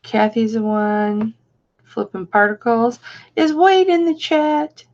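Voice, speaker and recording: A woman hosts a casual live stream, answering her viewers with affection. She talks slowly with a gravelly rasp. The sound is dull and lo-fi. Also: on the high side, fairly even intonation, darkish tone. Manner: chatty, affectionate, reads out viewer comments. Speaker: live-stream host and reseller.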